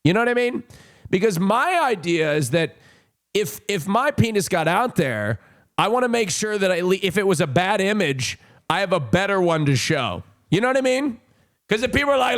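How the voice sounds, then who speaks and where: A man's voice: sits high, sing-song, moderate pace, a bit bright. Rambling young man streaming casual chat. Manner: rambling, self-mocking, frequent fillers. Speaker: livestreamer. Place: home streaming room.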